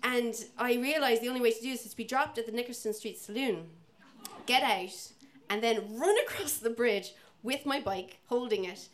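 A young adult woman with an Irish accent and a slightly high voice speaks at normal speed. She tells an audience a self-mocking personal story, performing the voices of the people in it.

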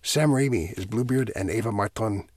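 A man hosting a classical music radio program, telling a composer's story in a measured, storytelling way. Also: lowish voice, darkish tone, no echo, studio quality. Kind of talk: scripted radio narration.

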